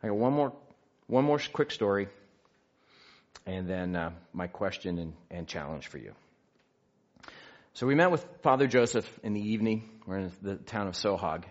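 A man telling a personal story in an animated way, acting out the quotes. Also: fairly low pitch, normal speed, pauses often. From United States. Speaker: speaker sharing a faith story. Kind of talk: storytelling talk. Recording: dull lo-fi recording.

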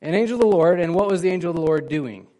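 A man preaching a sermon in a relaxed, conversational way, with a voice that sits a bit higher than most men's. He keeps checking in with his listeners and acts out the lines of the people in his story. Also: very fast. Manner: conversational, asks the congregation questions, acts out quoted lines. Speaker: pastor.

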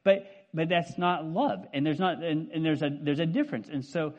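A man in his fifties delivers a sermon in an easy, conversational way. He moves quickly between stories and asides, often checking in with the congregation. His voice sits slightly high, and the recording sounds dull and lo-fi. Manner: conversational, animated, frequent "right?" check-ins. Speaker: pastor.

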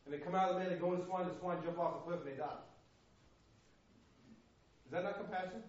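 A man preaches with passion, telling the story and acting out its voices. His voice sits a little high, and he often repeats his words as he pushes on. The recording is lo-fi and dull, with echo from the room. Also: fast. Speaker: missionary preacher. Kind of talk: sermon. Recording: echoey room, dull lo-fi sound.

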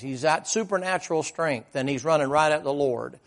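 A man preaching a sermon, telling vivid stories in a folksy way, asking the congregation questions, and swinging from loud emphatic lines to low quiet asides. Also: normal speed.

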